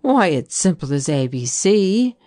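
A woman's voice: on the low side, sing-song, unhurried, warm tone, no room sound, clean studio sound. A woman reading the lines of a shabby, eager man in an audiobook. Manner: eager, demanding.

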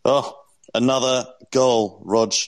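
A man co-hosting a football podcast who makes his points in an earnest, measured, analytical way. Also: medium pitch, steady tone. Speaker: podcast co-host.

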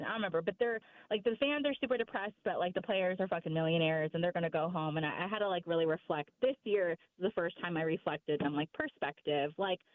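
A woman's voice: on the low side, no room sound. A young woman guest on a podcast, chatting casually, rambling and swearing a lot as she vents about her team. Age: young adult. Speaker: podcast guest, sports fan. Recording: thin phone-like call audio.

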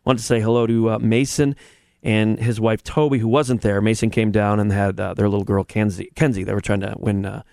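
A male radio host chats casually and rambles on, restarting his sentences as he goes. His voice has a gravelly edge, and the studio sound is dry and close. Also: lowish voice, little pitch movement, brisk, warm tone, no echo.

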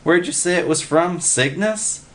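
Male reader doing a breathless, wide-eyed tagalong, high and shrill. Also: a little slow, fairly bright tone. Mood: pestering. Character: excitable simple-minded young man, pop-eyed.

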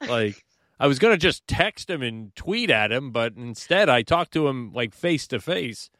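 A man's voice: medium pitch, unhurried, no room sound, clean studio sound. A man co-hosting a podcast with his wife, chatting casually, joking and swearing freely. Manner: animated, swears casually, jokey. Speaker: podcast co-host. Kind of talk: casual chat.

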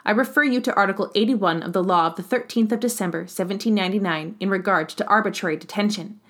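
A woman's voice: mid-range voice, quick pace, a bit bright, lightly acted. A woman voicing a stern, rigid male police inspector who speaks firmly, respectful yet unyielding. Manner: firm, respectful but unyielding.

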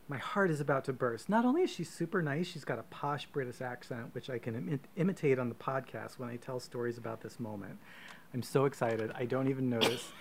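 Podcast host, man, gravelly fry, mid pitch, playful storytelling. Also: brisk, a little hiss or hum. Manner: playful, self-mocking, laughs often. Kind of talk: comic storytelling.

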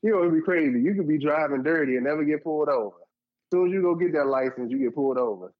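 A man tells stories in a loose, casual chat. His pitch swings widely, and he jumps high whenever he acts out what someone said. The recording sounds dull and lo-fi. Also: fast talker. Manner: animated, acts out quotes in a high voice. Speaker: podcast co-host telling stories.

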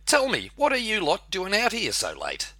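A slithery little snake with a cheeky, matey voice pitched well up and pushed loud, as a man puts him on. He sounds eager and friendly, popping up and down in a storybook poem. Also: wildly swooping pitch, moderate pace, dry recording, clean studio sound, full character voice. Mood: cheerful. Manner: chirpy, matey, eager to help. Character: slithering cheeky male Australian black snake.

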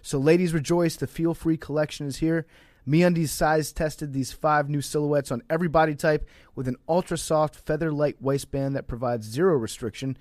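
A man's voice: on the high side, darkish tone, no room sound. Man reading ads, dry close sound. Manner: joking, crude asides. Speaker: podcast co-host. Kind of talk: ad read.

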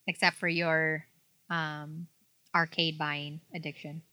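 A woman's voice: deep voice, level tone, takes it slowly, bright, forceful tone, clean tone, dry recording. A woman in casual chat who jokes and mocks other people's lines. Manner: joking, mocking others' words in quoted voices.

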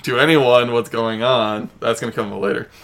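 A man's voice: medium pitch, fairly even intonation, normal speed, a bit bright. A man co-hosting a casual movie chat, rambling and wry, with lots of fillers. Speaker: podcast co-host.

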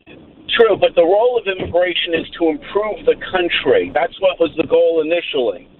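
A man's voice: on the high side, lively intonation, normal speed. A male caller to a radio show, making his point in an earnest, argumentative way. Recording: tinny phone line.

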